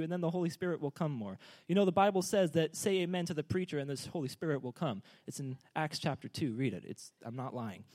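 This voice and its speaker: A man preaching a sermon, energetic and joking, urging the congregation to answer back. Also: high-pitched.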